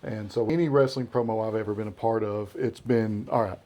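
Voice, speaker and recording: A man with a Southern American accent, a guest in a casual interview, telling lively stories and acting out what others said. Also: on the low side, a little fast. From Southern United States. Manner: animated storyteller who acts out quotes. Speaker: interview guest, beard care brand founder.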